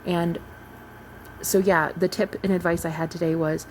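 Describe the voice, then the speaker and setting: A woman's voice: on the low side, level tone, moderate pace, a little hiss or hum, low-quality recording. A woman in her thirties, a coach talking earnestly and directly to her viewers in a casual vlog. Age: 30s. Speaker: manifestation coach. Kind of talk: casual spiritual vlog talk.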